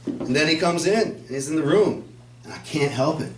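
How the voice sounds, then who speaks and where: Man from Flint, lively storyteller, high-ish voice, foul-mouthed, echoey cafe room heard from a distance. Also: moderate pace. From Flint, Michigan. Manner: animated, profane, swings from low mutters to shouted bursts. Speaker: open mic storyteller. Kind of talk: comic storytelling. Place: cafe open mic night. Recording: echoey room, mic far off, faint noise.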